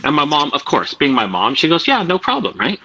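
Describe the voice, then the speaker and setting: A man's voice: fairly high pitch, huge pitch swings, a little fast, sharp tone, slight background noise, rough recording. A man on a video call telling a long rambling prank story to friends, with lots of fillers and acted-out quotes. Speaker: storyteller in an online group call. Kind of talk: casual anecdote told to a group.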